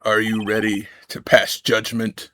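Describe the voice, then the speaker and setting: A man's voice: on the low side, completely flat delivery, unhurried, sharp tone, a little hiss or hum. A man voicing a cold, cocky male prosecutor in a fan dub of a video game, blunt and mocking. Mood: scornful.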